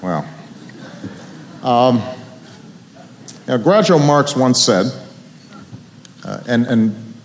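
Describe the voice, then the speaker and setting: A man's voice: mid-range voice, lively intonation, a little hiss or hum. Brief: man at podium, dry comic speech, long reverb of a big hall. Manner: dry, pausing, with filler uhs. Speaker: after-dinner speaker. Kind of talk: comic after-dinner speech. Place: large banquet hall.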